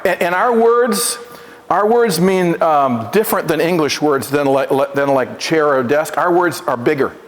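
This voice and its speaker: A man's voice: a little high, a little slow. A man visiting a school as an Oneida presenter, teaching the class, often restarting words and asking them questions. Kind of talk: classroom presentation with call-and-repeat. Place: school room or hall. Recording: long hall reverb.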